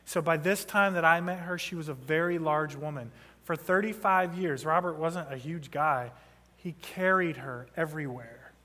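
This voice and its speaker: A man's voice: fairly high pitch, moderate pace, pushed and bright. A man in his thirties preaching a sermon, telling a story and building to impassioned emphasis. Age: 30s. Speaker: pastor. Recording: long reverb of a large hall.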